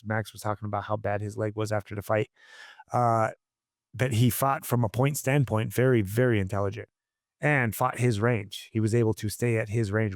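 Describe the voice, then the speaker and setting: A man's voice: fairly low pitch, no room sound, studio quality. A man coaching combat sports, telling stories in a casual interview, blunt and profane with many restarts.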